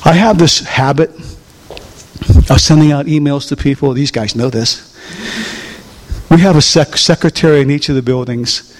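A man's voice: mid-range voice, moderate pace, pauses often, in a large hall. An older man preaching a folksy sermon, often asking the congregation questions. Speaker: pastor.

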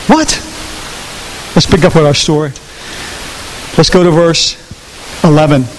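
Male preacher, sermon, high voice, animated and repetitive, echoing hall, faint hiss. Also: unhurried. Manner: animated, repetitive, asks the audience questions. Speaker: pastor.

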